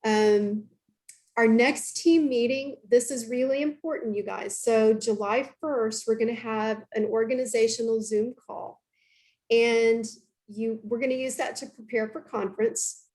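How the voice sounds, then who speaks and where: A woman's voice: fairly high pitch, fairly even intonation, unhurried, darkish tone. A woman giving upbeat announcements on a team video call. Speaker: team member making announcements. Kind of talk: casual team meeting talk.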